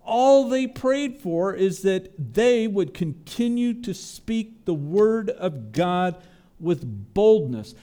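A man preaching a sermon, earnest, his voice dropping low and soft on tender lines and lifting on prayers. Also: big pitch swings, slow pace. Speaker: pastor.

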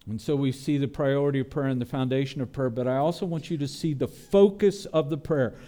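Earnest mellow-voiced male preacher. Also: fairly quick. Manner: earnest preaching, voice dropping low and soft then rising on prayers. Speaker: pastor. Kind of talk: sermon.

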